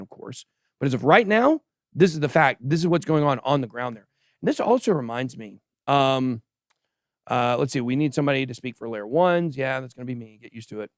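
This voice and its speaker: A man hosting a casual livestream crypto show, giving animated and sarcastic commentary as he chats with a co-host and the live chat. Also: medium pitch, no room sound, clean studio sound. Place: show studio stage.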